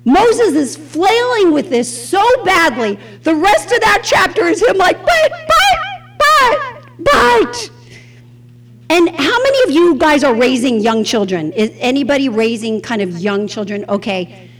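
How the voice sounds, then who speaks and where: A middle-aged woman with a Southern US accent teaching a Bible lesson. She talks in an animated way and acts out the quotes she tells. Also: sits high. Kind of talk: sermon.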